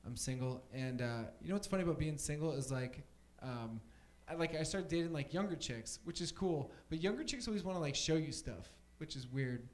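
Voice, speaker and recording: A man's voice: on the high side, lively intonation, a little fast, few pauses. Young man rambling through a stand-up set. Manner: rambling, filler-heavy, casual. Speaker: stand-up comedian. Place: comedy club stage.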